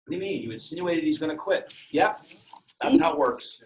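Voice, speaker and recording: A man with a high, lifted voice delivers a lively motivational sales talk to a room full of people. He jokes constantly and acts out short exchanges between characters. His tone bounces around freely. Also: fairly quick, rough recording. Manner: animated, joking, acts out dialogues. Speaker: motivational speaker.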